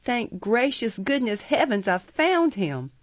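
A woman voicing a frantic young woman who loudly feigns grief over a runaway brother. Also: animated, measured pace, no echo, lo-fi sound, lightly acted. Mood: shrill pleading. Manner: shrill, wailing, theatrical.

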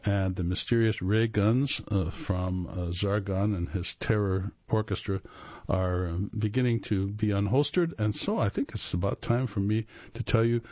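A man hosting a radio reading service, reading a magazine article aloud in a steady, measured way with the odd stumble and self-correction. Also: lowish voice, no echo, lo-fi sound.

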